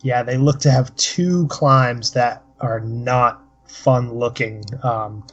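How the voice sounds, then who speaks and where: A man's voice: medium pitch, fairly even intonation, slow pace. A man co-hosting a casual podcast, talking steadily and rambling with many fillers. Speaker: podcast co-host. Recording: slightly dull lo-fi audio.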